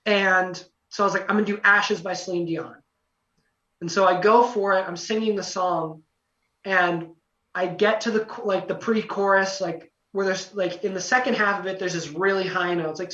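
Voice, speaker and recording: A young man telling a story as a podcast guest, excited and rambling, full of fillers. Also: high-pitched, normal speed. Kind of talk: casual storytelling. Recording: roomy, distant, dull lo-fi podcast audio.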